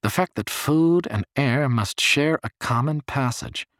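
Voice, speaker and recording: A man reading a story, voicing a pedantic, sly man in a high, slow, smooth voice with long-winded clinical phrasing. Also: expressive, fairly bright tone, dry recording, studio quality.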